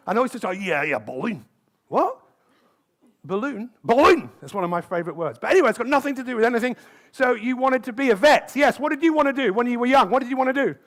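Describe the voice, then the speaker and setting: Male motivational speaker, high-pitched, peppers the crowd with quick questions, live conference talk. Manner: lively, keeps asking the crowd questions. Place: conference stage.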